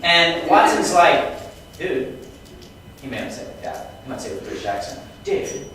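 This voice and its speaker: A man teaching a Bible lesson to students, lively and quizzing the class with questions. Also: on the high side, fast talker. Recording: echoey room, mic far off, faint noise.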